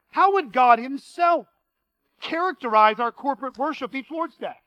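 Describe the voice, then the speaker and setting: A man's voice: high-pitched, pushed and bright, no room sound, poor audio. A man preaching a sermon as pastor, earnest and reading quotations aloud with emphasis.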